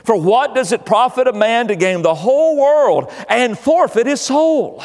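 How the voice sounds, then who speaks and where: A man's voice: very high voice, animated, a little slow, a little mellow, in a large hall. An older man preaching a sermon as pastor, his delivery swelling and dropping in volume. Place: church.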